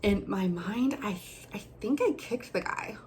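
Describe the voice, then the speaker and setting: A woman's voice: mid-range voice, lively intonation, measured pace, a little mellow, slight background noise. A young woman telling a personal story in a casual vlog, chatty with lots of fillers and restarts. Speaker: storyteller, former bartender.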